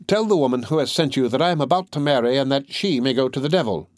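Male reader doing a sneering young captain, mid-pitched, dry close mic. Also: expressive, fast talker, no echo, lightly acted. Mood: scornful. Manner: contemptuous, dismissive.

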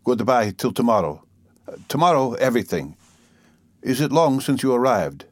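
A man's voice: mid-range voice, sing-song, normal speed, dry recording, studio quality, pitched above the performer's own voice, natural voice. A man voicing a tormented, feverish young man who speaks curtly and with strain. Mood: irritable, strained. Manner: curt, strained.

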